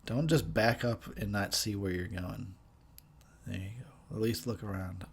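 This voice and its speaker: A man's voice: on the low side, steady tone, moderate pace, creaky, slightly rough. A tipsy man doing a drunken movie commentary, profane and rambling, cracking himself up. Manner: profane, rambling, laughing a lot. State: tipsy from drinking. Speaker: commentary host.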